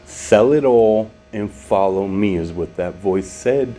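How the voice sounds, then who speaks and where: A man telling his personal testimony in an unscripted, halting way, with many fillers and restarts, at times growing emotional. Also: fairly low pitch, warm tone, soft background music. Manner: becomes emotional, voice rising. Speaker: former truck driver giving a testimony. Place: home in Mexico.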